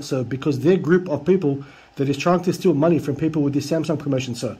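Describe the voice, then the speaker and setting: A man telling a casual story to his viewers, reading chat messages aloud with sarcastic, deadpan asides and mimicking the other side's lines. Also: quick pace, husky. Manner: mimics the scammers' lines in a higher voice. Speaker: youtuber.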